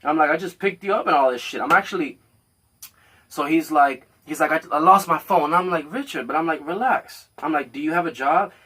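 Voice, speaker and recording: A man with a slightly high, husky voice tells a heated story in casual podcast chat. He swears freely and acts out both sides of a quarrel. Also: brisk, a bit bright. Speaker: podcast host.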